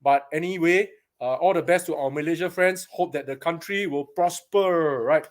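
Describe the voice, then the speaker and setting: A man's voice: a little high, moderate pace. A man from Singapore with a Singaporean English accent, hosting a casual live stream from a paintball shop, chatty and greeting viewers by name.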